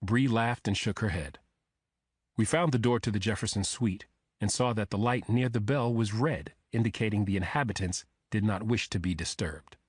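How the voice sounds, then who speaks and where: Low-voiced man reading a thriller. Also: moderate pace, husky, no echo, clean studio sound. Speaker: audiobook narrator. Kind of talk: first-person thriller narration.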